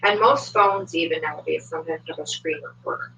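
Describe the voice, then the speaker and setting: Woman, livestream host, casual chat, swears, filler words, bright voice, distant mic. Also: low voice, fairly quick, vocal fry, a little hiss or hum. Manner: chatty, swears, many fillers. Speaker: livestream commentator. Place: home, moves between desk and kitchen. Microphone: desk microphone, at times far from it. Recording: echoey, distant, dull home stream audio.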